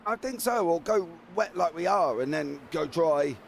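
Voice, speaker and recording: A man commentating a live sim race, chatty and jokey, talking quickly over a noisy background. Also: on the high side, animated, gravelly.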